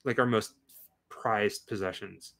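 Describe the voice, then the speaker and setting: A man co-hosting a casual livestream, chatting loosely with many halting restarts and reading viewer comments aloud. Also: on the low side, fairly even intonation, creaky, a bit bright, a little hiss or hum. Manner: halting, restarts often, reads chat aloud. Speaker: co-host of a livestream watch party.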